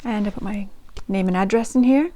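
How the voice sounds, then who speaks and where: A woman's voice: mid-range voice, fairly quick, warm tone, close to an everyday voice. A woman reading in character as a fifteen-year-old artistic English girl keeping a diary, attempting a West London accent and speaking with small hesitations. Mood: reflective. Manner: chatty, thinking aloud with small hesitations.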